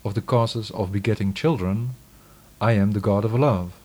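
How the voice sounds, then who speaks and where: A man giving a scripted scripture reading in a measured, solemn, declamatory way. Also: on the low side, darkish tone, slightly rough.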